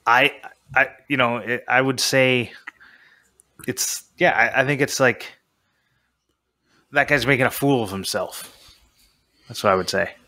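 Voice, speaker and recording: A man hosts a casual podcast in a bright, forceful voice. He talks loosely, trailing off with fillers and throwaway asides. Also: mid-range voice, measured pace, long pauses. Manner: relaxed, chatty, trails off with fillers. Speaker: podcast host. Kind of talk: casual chat.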